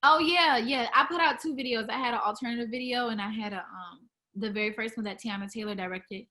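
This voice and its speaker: A woman's voice: on the high side, fast talker, bright, forceful tone. A young woman who sings R&B, chatting casually in an interview, full of fillers and restarts. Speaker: R&B singer, interview guest.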